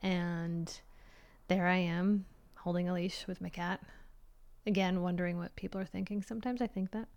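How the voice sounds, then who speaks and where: A middle-aged woman vlogging in a casual, reflective monologue, rambling and chatty with many fillers, sometimes dropping to a soft whisper. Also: fairly low pitch, little pitch movement, moderate pace, dull audio. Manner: drops to a soft whisper at times.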